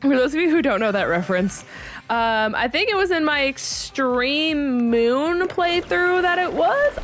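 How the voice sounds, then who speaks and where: A young woman giving bubbly, animated gameplay commentary as a video creator, laughing often. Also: on the high side.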